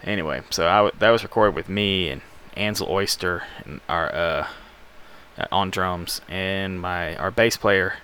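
A man's voice: low voice, unhurried, sharp tone, a little hiss or hum. A man from Alabama, hosting a music show in a rambling, laid-back, self-deprecating way. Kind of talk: casual radio show chat.

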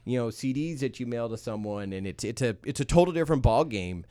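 Brief: man in his thirties, podcast guest, animated storyteller, lively pitch, dry close mic. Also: fast, no room sound. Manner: animated, acts out voices in stories. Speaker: guest, real estate entrepreneur.

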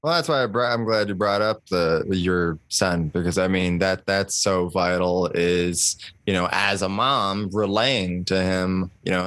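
A man's voice: low-pitched, steady tone, measured pace, few pauses, fairly bright tone, no echo. A man co-hosting a casual chat, talking in a reflective, agreeing way. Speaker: podcast co-host.

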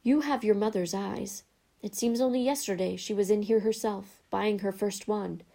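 A woman voicing a soft-spoken, eerie old male wandmaker who talks slowly and quietly, then bursts into excitement. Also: medium pitch, creaky. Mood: hushed.

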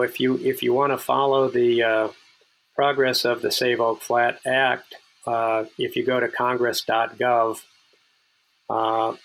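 A man's voice: mid-range voice, creaky, fairly bright tone, low-quality recording. A man being interviewed as a policy analyst on a podcast, speaking earnestly with frequent restarts and repeated words.

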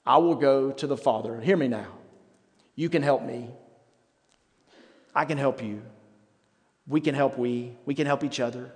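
A middle-aged man preaching a sermon as pastor, conversational and self-mocking, with dramatic pauses. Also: medium pitch, a little mellow. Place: church sanctuary. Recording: reverberant church hall with faint music.

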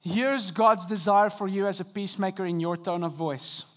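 Speaking at a normal speed through a stage microphone, a light-voiced man with a high pitch preaches earnestly in a church auditorium. As pastor, he shifts from hushed softness to emphatic rises.

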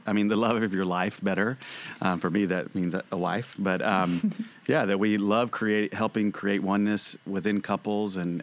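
Earnest rambling man, low voice. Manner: earnest, rambling with many fillers and restarts. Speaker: ministry president, guest. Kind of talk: conversational interview answers.

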